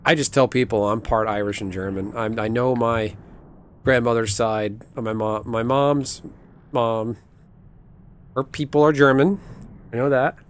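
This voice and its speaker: A man's voice: mid-range voice, steady tone, unhurried, long pauses. A young adult man streaming a game, chatting casually with wry, rambling asides to his viewers. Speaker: gaming streamer. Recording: music playing underneath.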